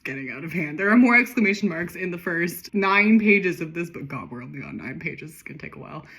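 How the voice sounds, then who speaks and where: A woman's voice: fairly low pitch, animated, brisk, a bit bright, breathy edge. A woman reading her childhood novel aloud with chatty, self-mocking commentary and frequent laughter. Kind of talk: casual read-along commentary.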